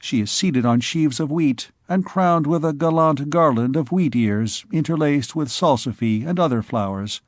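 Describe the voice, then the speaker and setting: A man voicing a greedy, cunning royal physician who speaks in a slow, pompous, wheedling way, in an audiobook reading. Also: on the high side, animated, no room sound, studio quality, lightly acted.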